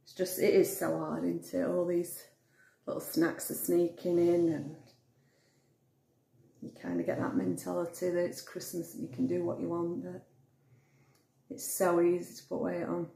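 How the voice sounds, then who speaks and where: A woman's voice: fairly low pitch, completely flat delivery, moderate pace, gravelly, pauses often, warm tone. A woman vlogging casually at home, rambling and thinking aloud as she interrupts herself. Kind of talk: casual chatty vlog. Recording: echoey room.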